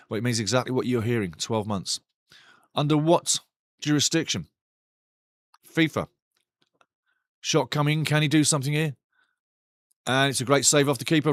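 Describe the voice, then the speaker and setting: A man's voice: on the high side, no echo. Passionate male watch-along host, dry sound. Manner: passionate, talks straight to chat; ranting, indignant. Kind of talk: live match commentary with chat.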